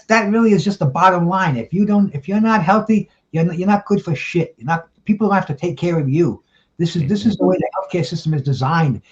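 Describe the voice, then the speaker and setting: A fairly high-voiced man talks plainly and bluntly on a panel. He often trips over his words and restarts. The recording sounds dull and lo-fi. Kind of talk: casual panel talk.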